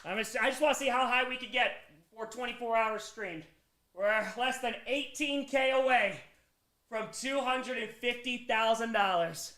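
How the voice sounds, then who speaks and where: Bright high-voiced guy on a charity stream, totally exhausted, reading donor names in an echoey room. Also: moderate pace. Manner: hyped, swings between shouting and tired mumbling. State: exhausted after a day awake. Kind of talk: live charity stream chat.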